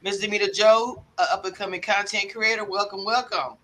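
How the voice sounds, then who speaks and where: A high-pitched man with a very bright, ringing tone hosts a live video panel. He hypes up each guest with affectionate, energetic introductions. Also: a little fast, slight background noise. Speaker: host.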